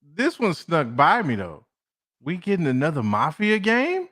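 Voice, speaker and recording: A man co-hosting a casual podcast chat, animated, laughing often and repeating himself for emphasis. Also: on the high side, a little slow. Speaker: co-host.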